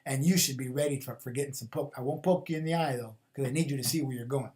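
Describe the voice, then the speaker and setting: A man's voice: medium pitch, fast, darkish tone. A man hosting a spiritual call-in show, talking loosely with fillers and repeated, chant-like questions. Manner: rambling, with fillers and repeated phrases; rhythmic, incantatory questions. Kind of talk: casual spoken monologue.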